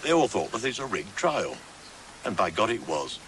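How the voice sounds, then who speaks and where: A man with a very deep, bright voice speaks bluntly in an interview. A faint hiss runs underneath. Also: big pitch swings, moderate pace. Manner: blunt, candid. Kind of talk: interview answer.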